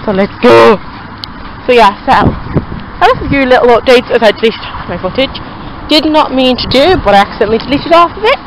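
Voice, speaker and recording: A woman's voice: lively intonation, fairly quick, noisy background. Chatty Liverpool woman walking her dogs. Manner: chatty, rambling, talks to her dogs in a high sing-song voice. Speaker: pet vlogger. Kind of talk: casual vlog while walking dogs. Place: outdoors in a local field.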